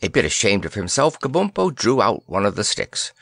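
A man narrating a children's fantasy audiobook in an expressive, storybook manner. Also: on the low side, no echo, clean studio sound. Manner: expressive, unhurried reading.

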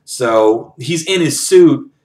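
A man's voice: medium pitch, animated, takes it slowly, a little mellow. A man casually retelling a novel in his own words, rambling and swearing freely as he narrates the scenes. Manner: rambling and profane, narrates scenes with frequent quoting. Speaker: book reviewer retelling a novel.

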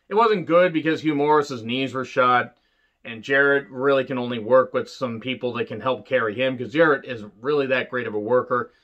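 A man talks through an old wrestling broadcast in a loose, profane monologue. His voice sits mid-range and the audio sounds a little dull and lo-fi. He mocks the show with quick impressions. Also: medium pitch, fairly bright tone. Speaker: wrestling reviewer. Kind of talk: casual solo review monologue.

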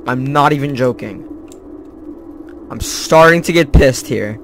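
A man's voice: mid-range voice, a little slow, a bit bright, a little hiss or hum. A young man playing a horror game, muttering profane, sarcastic commentary to himself. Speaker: gaming video creator.

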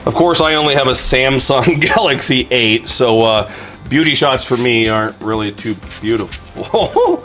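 Bright-voiced man chatting while cooking. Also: medium pitch, animated, unhurried, soft background music. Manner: chatty, laughs often. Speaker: griddle cooking video host. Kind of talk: casual cooking demo. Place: home garage.

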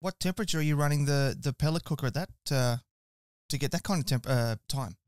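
An Australian man hosts a relaxed podcast chat with a smooth, resonant voice. He sounds friendly and easygoing, calling his guest mate. The recording is close and dry. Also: a little high, fast, no echo. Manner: friendly, chatty, says mate. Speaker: podcast host. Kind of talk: casual interview chat.

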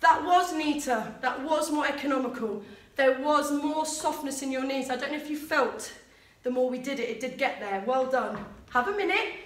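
High-voiced woman teaching tap. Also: lively intonation, normal speed. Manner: sing-song counting and encouraging. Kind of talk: live online dance class instruction. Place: dance studio. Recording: echoey room, mic far off, loud tapping. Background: tap shoes clicking.

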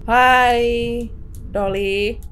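A woman's voice: a little high, fairly even intonation, extremely slow, fairly bright tone, a little hiss or hum. A woman playing a horror game on stream, jumpy and swearing, with nervous laughter. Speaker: let's play gamer.

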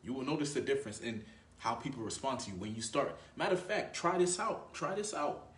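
A man's voice: mid-range voice, sing-song, fairly quick, a bit bright, recorded from a distance. A man talking as a dating coach in a casual advice monologue, conversational and slangy, often tagging his points with "right?". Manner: conversational, frequent "right?" tag questions; slangy, addresses viewer as bro. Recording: roomy, voice away from mic.

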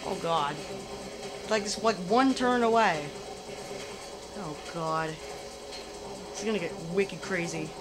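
A young adult playing a racing game and commenting in an excitable, exclaiming way. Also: mid-range voice, slow pace, long pauses. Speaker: game player. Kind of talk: let's play commentary.

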